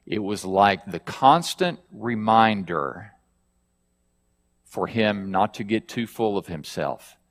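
A man's voice: lowish voice, big-room sound. A male pastor preaching a sermon, reading scripture aloud with rising emphasis and asking his listeners questions.

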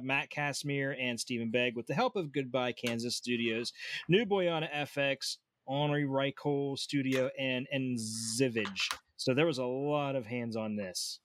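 A man on a casual podcast, reading notes aloud and steering the talk onward. His voice sits at a middling pitch, recorded dry and close. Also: a bit bright, no echo. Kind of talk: casual chat.

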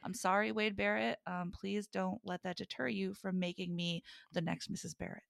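A woman's voice: medium pitch, little pitch movement, moderate pace, vocal fry, no echo, studio quality. A woman co-hosting a casual podcast chat, playful and enthusiastic, laughing often. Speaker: podcast co-host.

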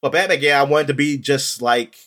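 A man's voice: a little high, brisk, bright, forceful tone. Rambling man chatting casually. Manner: rambling, with many ums and restarts. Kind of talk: casual chat about video games.

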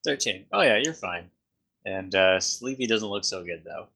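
A man's voice: deep voice, animated, normal speed, creaky, sharp tone, breathy edge. A man narrating as game master for a casual tabletop game, loose and often laughing.

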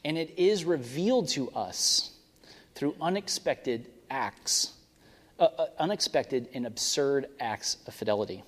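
A man's voice: mid-range voice, animated, unhurried. A young adult male pastor giving a casual, rambling sermon story and prayer, often stopping to correct himself. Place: church sanctuary. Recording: long reverb of a church hall.

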